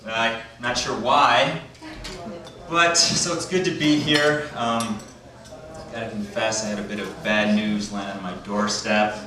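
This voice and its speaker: A man doing a deadpan, self-deprecating stand-up comedy set. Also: lowish voice, unhurried. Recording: echoey club from far off. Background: crowd laughter.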